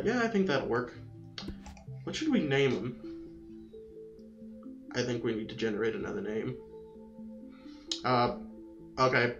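A man giving casual, rambling gameplay commentary as a let's-play host, yelping excitedly whenever his creature gets attacked. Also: medium pitch. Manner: chatty, rambling, excitable yelps when attacked. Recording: roomy, distant mic, game music behind. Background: game music.

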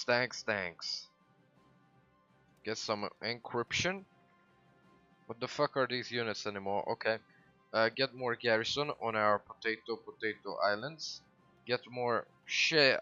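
Excitable swearing man streaming a game. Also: medium pitch, a little slow, dull audio, faint music behind. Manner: excitable, swears, sudden loud outbursts. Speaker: gaming livestreamer. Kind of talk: casual gameplay commentary.

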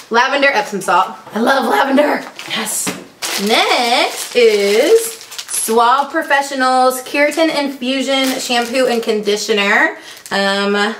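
Chatty young woman in an echoey room. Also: fairly high pitch. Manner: chatty, upbeat, lots of ums. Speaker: vlogger. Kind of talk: casual unboxing vlog. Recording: echoey room, faint noise.

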